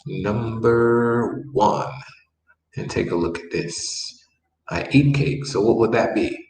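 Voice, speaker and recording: A man with a lowish, darkish voice leads a Spanish class, patiently repeating vocabulary and breaking down each step. The recording has room echo, a far-off microphone, and faint background noise.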